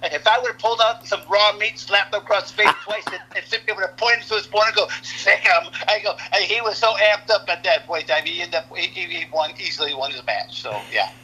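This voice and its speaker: A man's voice: high voice, a little fast, few pauses, bright, forceful tone, slightly rough, rough recording. A man in his sixties from the United States, a retired wrestler telling long rambling stories in a casual interview, often repeating words and restarting sentences. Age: 60s.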